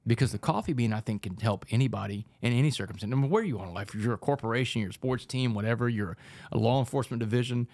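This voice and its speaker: A man tells his story as a podcast guest, animated and fast-paced. His speech is rapid and energetic, and he keeps slipping in "man". The recording is dry and close, with no room sound. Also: mid-range voice, no room sound. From Texas, United States. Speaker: podcast guest, author and speaker. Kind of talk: storytelling in a casual podcast interview.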